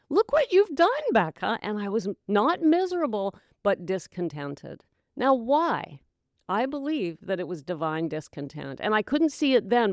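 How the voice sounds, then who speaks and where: A middle-aged woman hosting a sobriety podcast, giving an emphatic motivational talk that calls listeners "gals" and "my dear" and slips into hushed whispers. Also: on the low side, clean tone, no room sound, clean studio sound. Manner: dramatic voices and hushed whispers for effect. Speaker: podcast host, sobriety coach. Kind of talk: motivational monologue.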